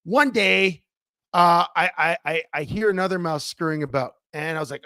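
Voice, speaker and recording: A man co-hosting a casual podcast, with a slightly high voice. He rambles and restarts as he tells a story. The sound is close and dry, with no room in it. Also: normal speed, no echo. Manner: animated, rambling, self-interrupting. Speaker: podcast co-host.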